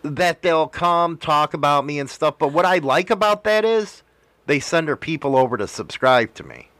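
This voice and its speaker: Animated profane man hosting a podcast. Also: on the high side, normal speed, dry recording. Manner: profane, emphatic storytelling. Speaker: podcast host and motovlogger. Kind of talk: casual chat.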